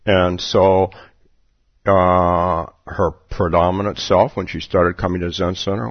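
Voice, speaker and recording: A man's voice: low voice, steady tone, slow, no echo. A man giving a dharma talk as a Zen meditation teacher at a retreat, playful, chuckling often and repeating his questions. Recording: dull lo-fi recording.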